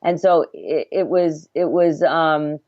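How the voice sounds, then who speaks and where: A woman's voice: low-pitched, fairly even intonation, slow, darkish tone, dry recording. A middle-aged woman, a midwife and former obstetric nurse, telling her story earnestly and reflectively in a conversational interview. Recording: dull, dry lo-fi audio.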